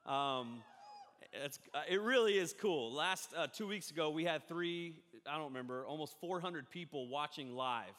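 A man preaching a sermon, rambling and animated, often breaking off mid-thought. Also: fairly high pitch, normal speed. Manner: rambling, animated, self-interrupting. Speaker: pastor. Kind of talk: live-streamed sermon. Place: church hall. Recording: echoey hall reverb.

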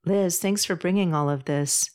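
Woman reading impulsive young woman, playful, abrupt, low voice. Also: moderate pace, a little mellow, clear, resonant tone, natural voice. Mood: thankful.

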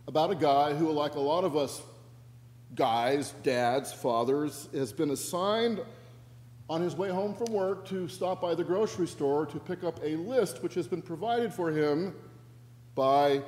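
A man preaching as a pastor, telling a story in a wry, conversational way, his voice softening at the ends of phrases. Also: on the high side. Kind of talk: sermon storytelling. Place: church sanctuary. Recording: long church reverb.

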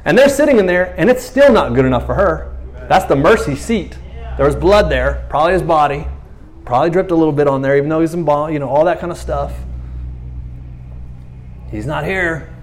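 A man's voice: fairly high pitch, brisk. A man preaching a casual, conversational sermon, telling stories animatedly and acting out quoted lines in playful voices. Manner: conversational fillers like "you know what I mean". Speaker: pastor.

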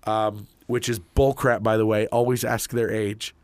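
A man's voice: lowish voice, flat delivery, moderate pace, dry recording. Rambling storyteller man, dry close sound. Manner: rambling, hesitant with frequent ums and you-knows. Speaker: manager and podcast co-host. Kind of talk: casual conversational storytelling.

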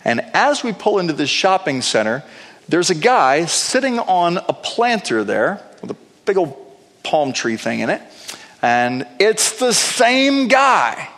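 A male pastor telling a story in a sermon, animated, with playful asides. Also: high voice, a little slow. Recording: long reverb of a large hall.

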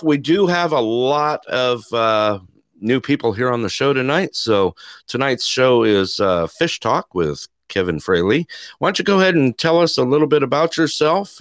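A man's voice: mid-range voice, expressive, moderate pace, dry recording, clean studio sound. A man hosting a live call-in radio show, upbeat and folksy, laughing often between his lines.

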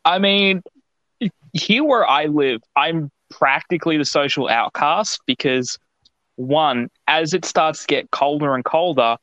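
A man's voice: on the high side, measured pace, no room sound. Man rambling on a podcast. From Australia. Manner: rambling, animated storytelling. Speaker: podcast co-host. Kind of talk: casual chat. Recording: dull lo-fi podcast audio.

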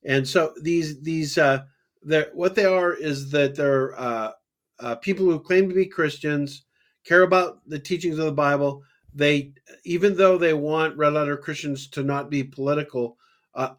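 A man co-hosting a religious discussion podcast, talking in a halting way with many fillers and restarts. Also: medium pitch. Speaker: podcast co-host.

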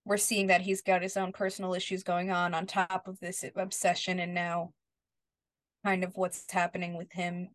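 A woman's voice: fairly low pitch, completely flat delivery, normal speed, no room sound. A woman co-hosting a podcast, casually recapping a TV episode and quoting the characters as she goes. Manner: retells scenes, quoting characters. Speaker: podcast co-host.

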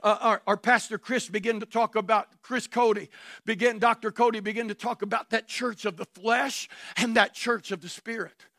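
A male pastor preaching a sermon to his congregation, full of rhetorical questions and bursts of shouting. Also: sits high, fairly even intonation, normal speed, no echo, studio quality. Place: church sanctuary before a congregation.

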